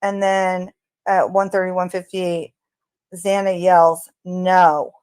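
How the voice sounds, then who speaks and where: A woman's voice: on the low side, flat delivery, slow pace, a little mellow, smooth, dry recording. A woman narrating her analysis of crime-scene audio, speaking tentatively with fillers and speculation. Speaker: true crime commentator.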